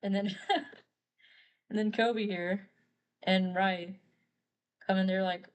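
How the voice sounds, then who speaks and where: A woman's voice: medium pitch, fairly even intonation, takes it slowly, pauses often. A woman retelling a story casually while drawing on a live stream, rambling and quoting characters with "he's like". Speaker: artist streamer.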